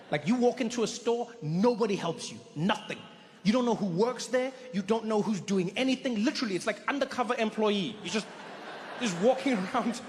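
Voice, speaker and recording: Brief: stand-up comic, high voice, lively storyteller. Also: male voice, a little hiss or hum. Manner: animated storytelling with stammered repeats. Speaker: stand-up comedian. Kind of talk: stand-up comedy routine.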